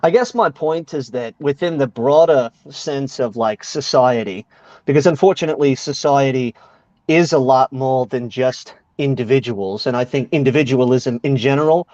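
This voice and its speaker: A man's voice: medium pitch, normal speed, darkish tone, dry recording, lo-fi sound. A man on a panel who talks bluntly and sarcastically, swearing often. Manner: blunt, sarcastic, swears a lot, says mate. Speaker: panel guest. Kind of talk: casual argumentative chat.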